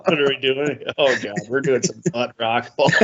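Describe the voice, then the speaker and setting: A man's voice: medium pitch, sharp tone. A man co-hosting a podcast in laid-back, joking banter, peppered with "man" and "brother," on dull lo-fi audio. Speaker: podcast co-host.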